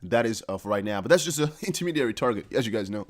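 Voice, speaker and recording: A man hosting a live crypto price stream, talking fast and excited with laughs and chanted hype lines. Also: on the low side. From Netherlands. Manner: hyped, laughing, breaks into chanting.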